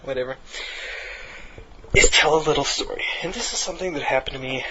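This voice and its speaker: A man's voice: a little high, fairly quick, very noisy. A teenage man in his late teens who tells a rambling story between game commentary, laughing and swearing casually.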